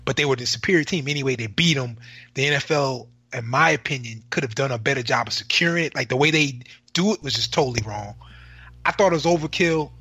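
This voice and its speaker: A man in a heated sports debate who talks in a halting way, with frequent restarts and stammers. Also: mid-range voice, bright, forceful tone, husky, no echo.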